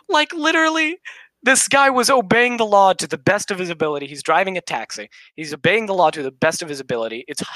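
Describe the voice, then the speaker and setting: A man's voice: high-pitched, pushed and bright, no echo, low-quality recording. A teenage guy from California, hosting a casual podcast and rambling through stories with a lot of swearing. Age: teens. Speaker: podcast host.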